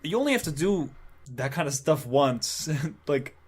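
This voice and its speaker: A man's voice: a little high, very animated, unhurried, husky. A man co-hosting a casual comics podcast, making wry, sarcastic asides. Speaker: podcast co-host. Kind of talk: casual comic book discussion.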